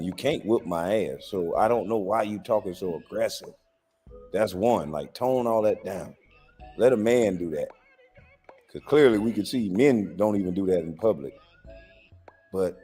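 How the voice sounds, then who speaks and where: Male stream host, incredulous and lecturing, husky tone with a long echo. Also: fairly low pitch, dark tone. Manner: incredulous, lecturing, rhetorical questions. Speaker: livestream host. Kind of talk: casual reaction commentary.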